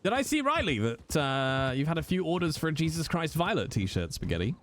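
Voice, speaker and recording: A man's voice: a little high, sing-song, a little fast, a little hiss or hum. A man, chatting casually with viewers on a live stream, jokey and teasing, with the odd swear.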